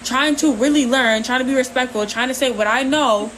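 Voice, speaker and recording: A woman hosting a livestream, talking casually in a rambling, halting way with lots of fillers. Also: high voice, slight background noise, poor audio. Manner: says she talks with her hands, animated. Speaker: livestream host.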